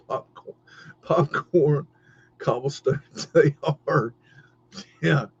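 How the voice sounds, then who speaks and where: A man's voice: on the high side, drawn-out words, slightly rough. A middle-aged man hosting a livestream, ranting heatedly with lots of swearing and stammered restarts. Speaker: podcast host. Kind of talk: livestream rant. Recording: dull lo-fi stream audio.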